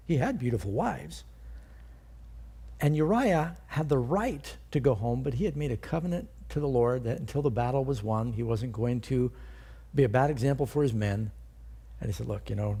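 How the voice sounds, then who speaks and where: A man's voice: medium pitch, mellow, breathy edge. An older man, a pastor, teaching a sermon in a conversational way and asking his listeners questions.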